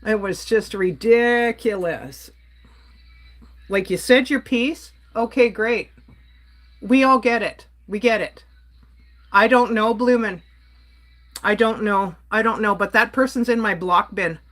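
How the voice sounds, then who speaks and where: A woman's voice: medium pitch, slow, long pauses, fairly bright tone. A woman from Canada ranting on a casual livestream, exasperated and blunt while she reads and answers her chat. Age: adult.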